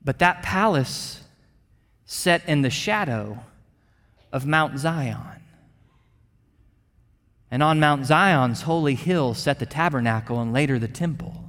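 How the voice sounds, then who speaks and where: A pastor delivering an earnest sermon, repeating words and dropping to a hush for emphasis. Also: male voice, on the high side, lively intonation, takes it slowly, long pauses, long reverb tail. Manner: earnest, with repeated words and dramatic drops in volume.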